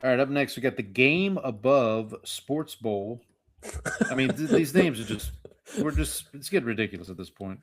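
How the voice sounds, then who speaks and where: A man co-hosting a relaxed sports podcast, running through college bowl games and betting lines. He talks in a wry, joking way and mocks the sponsor names as he goes. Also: medium pitch, normal speed. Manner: wry, reads bowl matchups and picks. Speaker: podcast co-host. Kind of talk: casual sports betting chat.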